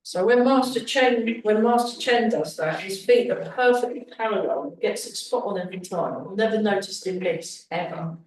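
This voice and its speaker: A woman's voice: medium pitch, moderate pace, hardly any pauses. A woman leading a beginners' tai chi class, calling breathing cues and chatting between movements. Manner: calm breathing cues mixed with chatty asides. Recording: very echoey hall, mic far off.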